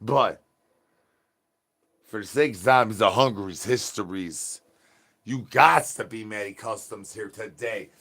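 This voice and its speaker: A man live streaming in a goofy zombie persona, rambling with sing-song rhymes and yelling at his chat. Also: fairly low pitch, unhurried, pauses often. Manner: silly rhyming and sing-song wordplay.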